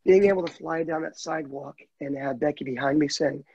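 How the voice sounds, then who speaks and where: Heartfelt man, husky and gravelly, dry dull lo-fi call sound, higher voice. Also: brisk, few pauses, a little mellow, no echo. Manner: heartfelt, candid, chokes up at times. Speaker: guide dog client telling his story. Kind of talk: emotional interview storytelling.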